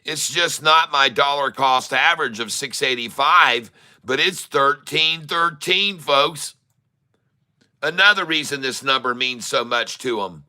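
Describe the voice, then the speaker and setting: A middle-aged man streams his day-trading live, teasing and pleading with the market makers. He drags his words out slowly, and his voice is bright and cutting. The tone stays smooth and clean throughout. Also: medium pitch. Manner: excitable, taunting, drawls numbers, talks to the market.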